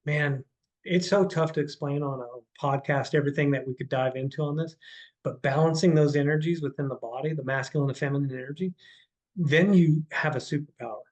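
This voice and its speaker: A man's voice: on the high side, steady tone, brisk, a little mellow, poor audio. A man on a podcast, a horse trainer and life coach, talking casually and rambling, often restarting and dropping in "man" and "dude". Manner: rambling, repeats words, says "man" and "dude".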